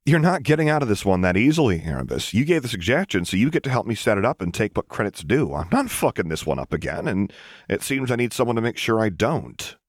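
A man's voice: on the low side, very animated, fast talker, no room sound, clean studio sound, voice pushed up. Man voicing a wry young engineering commander. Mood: earnest. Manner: earnest, a little sarcastic. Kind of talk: audiobook reading of fan fiction.

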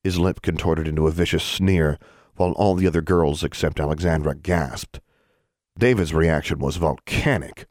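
Deep-voiced male audiobook narrator, animated pitch, dry studio sound. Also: normal speed, no echo. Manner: expressive storytelling.

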